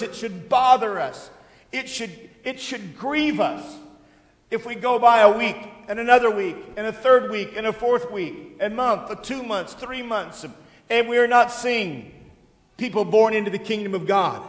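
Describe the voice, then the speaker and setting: High-voiced pastor preaching, halting and echoey. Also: male voice, animated. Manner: halting, repeats words, fills with uh. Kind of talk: sermon. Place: church sanctuary. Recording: echoey church hall.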